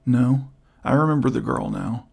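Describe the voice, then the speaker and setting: A man reading the part of a bold frontier scout who speaks low and firm. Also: lively intonation, normal speed, creaky, a little mellow. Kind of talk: audiobook character voice.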